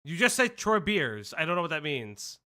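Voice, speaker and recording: An animated male streamer hosting a casual commentary show. His voice is high and very bright, and his pitch swoops widely while he fires off teasing questions. He laughs often as he chats. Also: normal speed. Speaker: stream host.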